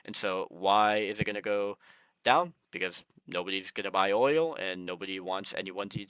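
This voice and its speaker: A man's voice: sits low, normal speed, fairly bright tone, smooth, no room sound. A man in his twenties giving casual money advice in a rambling, loose way, full of fillers and the odd swear word. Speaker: finance vlogger.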